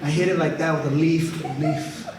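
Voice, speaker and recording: A man tells stories in an animated, laughing way and slips into a poetry reading, his voice sitting a little high. He is heard from a distance in a large hall with heavy echo. Faint noise sits behind him. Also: moderate pace. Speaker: author giving a reading. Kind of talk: storytelling talk and poetry reading. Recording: echoey hall from far off.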